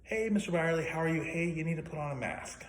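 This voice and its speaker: A polite young receptionist woman with a high, sing-song voice, as a man puts her on. The sound rings in a roomy space, with a long tail. A faint hiss sits underneath. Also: fast talker, close to an everyday voice. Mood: chirpy. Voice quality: high, falsetto-like voice. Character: friendly young female receptionist. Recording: echoey room with faint noise.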